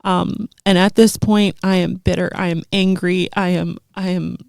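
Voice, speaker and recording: A woman's voice: lowish voice, level tone, moderate pace, gravelly, a little mellow, no echo, clean studio sound. A woman in her thirties, a guest telling a heartfelt personal testimony in conversation, earnest and full of fillers. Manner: earnest storytelling with frequent fillers.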